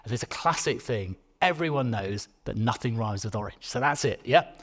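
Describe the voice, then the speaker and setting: A man lecturing to an audience. He talks conversationally and playfully, and often breaks off mid-phrase to restart a sentence. His voice sits at an ordinary middle pitch. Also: expressive, moderate pace, fairly bright tone. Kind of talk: public lecture.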